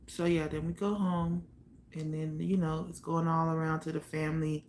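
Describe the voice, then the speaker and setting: Woman, low gravelly voice, hesitant personal storyteller, lots of pauses. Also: level tone, slight background noise. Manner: halting, soft-spoken, trailing off with many pauses and sighs.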